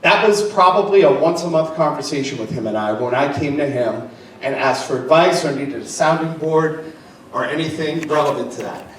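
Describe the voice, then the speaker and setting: A man's voice: a little high, normal speed, a bit bright. A man presenting a seminar for DJs, talking conversationally and prompting the audience for answers. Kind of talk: seminar talk. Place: seminar room. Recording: very echoey hall from far off, faint noise.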